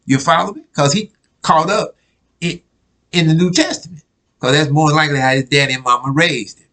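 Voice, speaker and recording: A man's voice: on the high side, brisk, fairly bright tone, rough recording. A man preaching a casual sermon, reading news clippings aloud and often asking if listeners follow him. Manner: conversational, keeps asking "you follow me?"; repeats himself, restarts words.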